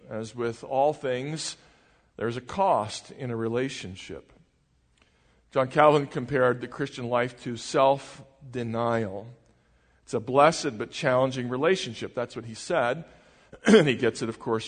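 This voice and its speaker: A male pastor giving a sermon in a conversational way, asking the congregation questions as he goes. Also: medium pitch. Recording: long reverb of a large hall.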